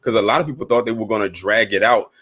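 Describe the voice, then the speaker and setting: A man's voice: fairly low pitch, fast talker, fairly bright tone. A man co-hosting a casual pop culture talk, speaking in an easygoing, rambling way with lots of "like" and "you know.". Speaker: co-host.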